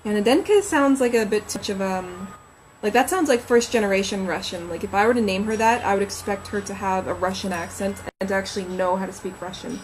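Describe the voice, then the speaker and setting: A woman's voice: medium pitch, a little fast, a little hiss or hum, rough recording. A woman novelist chatting on a casual livestream from home, rambling and reading names aloud as she thinks.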